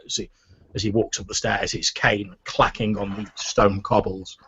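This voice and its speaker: A man's voice: on the low side, level tone, moderate pace, fairly bright tone, slight background noise. A man narrating as game master of a tabletop game, with some stammering. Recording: muffled lo-fi recording.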